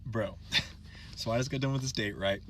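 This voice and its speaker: A man's voice: medium pitch, normal speed. A man casually telling a story with laughs, in a chatty way.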